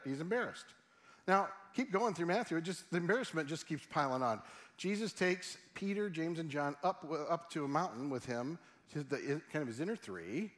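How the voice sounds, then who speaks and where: A middle-aged male pastor delivering a sermon with a somewhat raised pitch. He keeps it humorous and conversational and often turns to his listeners with questions. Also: fairly bright tone.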